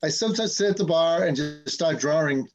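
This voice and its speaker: A man chats on a live stream with a fairly high voice and an easygoing, joking way of telling stories. The sound is a bit dull and muffled, like it's coming in through a video call. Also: lively intonation, fairly quick, faint music behind. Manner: chatty, laughing between stories. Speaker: host. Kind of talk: casual chat on a live stream.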